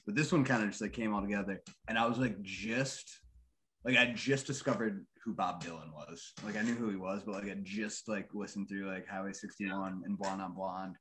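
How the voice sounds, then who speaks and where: A man from a band explaining how he writes songs, halting and relaxed, full of filler words. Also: on the low side, a little hiss or hum. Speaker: band member, songwriter. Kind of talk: casual interview chat.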